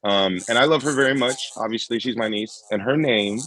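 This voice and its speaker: A male stand-up comedian performing a live routine from home, telling a story in an animated, punchy way. He keeps checking in with the audience and throws in quick asides, at a mid-range pitch. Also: low-quality recording. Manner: frequent "right?" check-ins.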